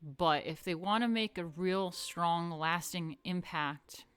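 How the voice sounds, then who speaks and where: A woman's voice: lowish voice, slow, a bit bright, clean tone. A woman hosting a casual art history lecture, chatty and swearing, often drifting into asides. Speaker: host.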